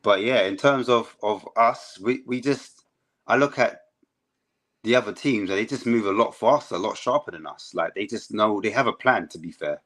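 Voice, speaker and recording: A man's voice: lowish voice, moderate pace, a bit bright. A man chatting casually as a football fan panelist, rambling with fillers.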